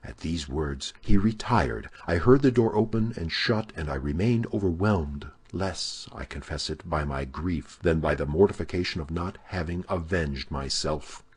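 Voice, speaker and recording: Male narrator, deep and husky, dramatic classic-novel audiobook reading. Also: moderate pace, hardly any pauses. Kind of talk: scripted narration.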